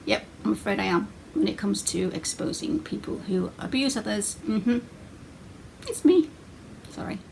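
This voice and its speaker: A woman's voice: mid-range voice, normal speed, vocal fry, hardly any pauses, a little hiss or hum, rough recording. A woman talking in a sarcastic, mocking way as she answers her critics in a casual video.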